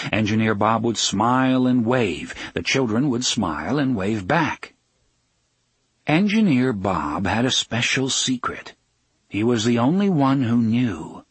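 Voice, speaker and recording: A man's voice: medium pitch, husky, no echo. A man reading a novel aloud as audiobook narrator, expressively voicing each character. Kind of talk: scripted narration.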